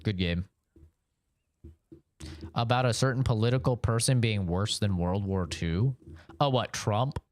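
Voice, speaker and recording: A man's voice: on the low side, measured pace, long pauses, no echo. A man live-streaming a game, chatting loosely with his chat, rambling and swearing freely. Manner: rambling, profane, answers chat with frequent "you know". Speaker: gaming streamer.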